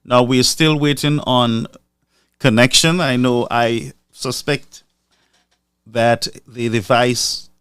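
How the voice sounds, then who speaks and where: A man's voice: medium pitch, steady tone, slow pace, a bit bright, smooth, no room sound. A man from Lucia, giving commentary on a live stream and repeating figures for emphasis. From Saint Lucia.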